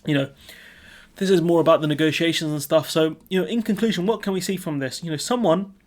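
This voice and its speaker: A man's voice: on the high side, fast, a little mellow. A young man giving casual, opinionated commentary on the news, with many fillers and an informal manner.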